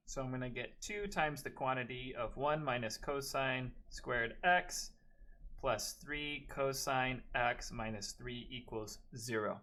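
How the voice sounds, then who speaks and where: A man's voice: medium pitch, fairly even intonation, slow, pushed and bright. A man teaching a math class, working through steps aloud and cracking chatty jokes at his students in a classroom. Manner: joking, chatty asides between worked steps. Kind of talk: classroom lecture.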